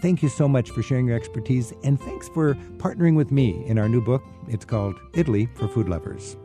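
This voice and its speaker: A man's voice: mid-range voice, music in the background. A middle-aged man hosting a radio travel show, chatting enthusiastically with a guest and reading show links into a studio microphone. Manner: enthusiastic, conversational, quick laughs.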